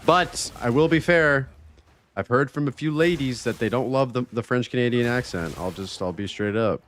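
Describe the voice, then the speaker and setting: A man streaming a video game live, chatting casually with his viewers, excitable and swearing freely. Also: medium pitch, normal speed. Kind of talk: casual live-stream chat while gaming.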